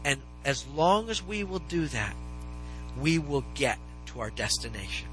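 Pastor guy preaching, high bright voice, gets loud and animated, faint music in the back. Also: measured pace, low-quality recording. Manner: animated, rising to near-shouts in dramatized questions. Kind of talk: sermon. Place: church sanctuary with congregation.

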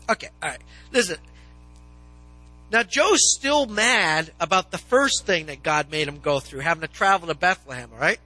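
A man preaching a sermon to his congregation, animated and swinging into loud, dramatized questions. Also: a little high, moderate pace, faint music behind, poor audio. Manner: animated, rising to near-shouts in dramatized questions. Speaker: pastor. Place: church sanctuary with congregation.

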